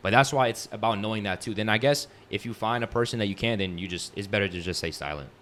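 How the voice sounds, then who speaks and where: Man, low voice, laid-back casual chat, reflective, filler-heavy. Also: fast talker, a bit bright, a little hiss or hum. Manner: laid-back and reflective, with constant fillers like "you know what I'm saying".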